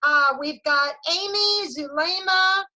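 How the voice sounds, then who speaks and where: A woman with a high, bright voice runs a team meeting over a video call. She talks with bubbly enthusiasm, cheering her people on and saying "y'all" as she goes. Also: slow pace, rough recording. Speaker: sales director leading a team meeting. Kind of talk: energetic team meeting pep talk.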